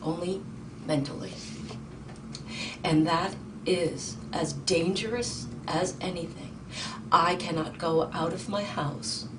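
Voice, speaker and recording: A middle-aged woman testifying in a courtroom, urgent and indignant, halting with ums and restarts. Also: fairly low pitch. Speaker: petitioner in court. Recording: distant mic with faint noise.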